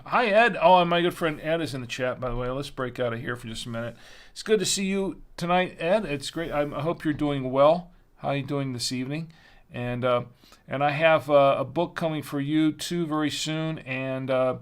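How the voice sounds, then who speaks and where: A man's voice: mid-range voice, moderate pace. A man hosting a wine tasting livestream, chatting casually and rambling with lots of fillers. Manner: rambling, chatty, self-deprecating with frequent fillers. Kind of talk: casual live-stream chat.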